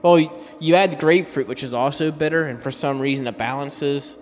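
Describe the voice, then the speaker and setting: A chatty man in his thirties with a fairly high voice, trading stories and beer opinions with his co-host. His voice trails into a long reverb, with faint music underneath. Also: a little fast. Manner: storytelling, chatty, laughs easily. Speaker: podcast co-host. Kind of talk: casual beer review chat.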